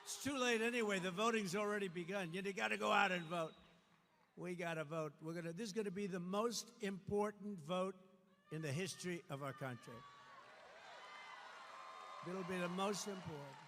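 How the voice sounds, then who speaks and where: An American man giving a campaign rally speech, with repetitive, punchy declarations that rise into shouts. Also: sits high, moderate pace, in a large hall, a little hiss or hum. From United States. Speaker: political candidate. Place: large venue at a campaign event.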